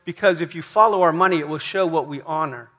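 A man's voice: a little high, fast, pushed and bright. A man preaching a sermon in a church, emphatic, often repeating questions and asking "right?". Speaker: pastor.

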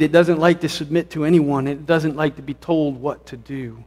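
A man's voice: on the high side, steady tone, moderate pace, few pauses, a little mellow. A man preaching a sermon as pastor, earnest and repetitive, often restarting his phrases. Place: church sanctuary. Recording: long reverb of a church hall.

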